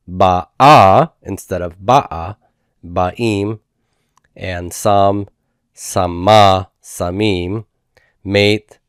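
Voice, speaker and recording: A man with a low, smooth, resonant voice teaches grammar in a recorded lecture. He works through each form methodically, saying words slowly and often asking "okay?" The sound is close and dry. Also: no room sound. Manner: methodical, repeats forms slowly with frequent "okay?".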